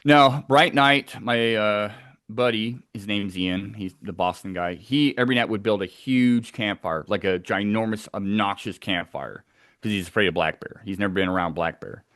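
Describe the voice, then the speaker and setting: A man's voice: lowish voice, moderate pace, a bit bright, dry recording, clean studio sound. A man telling a tense first-person story of a wilderness encounter, acting out the sounds as he goes.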